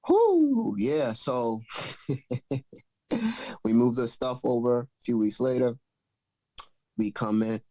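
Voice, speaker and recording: A man hosting a podcast, telling a story in a loose, animated, profane way. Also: medium pitch, slow, long pauses, no room sound, rough recording. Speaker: podcast host. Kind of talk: casual storytelling chat.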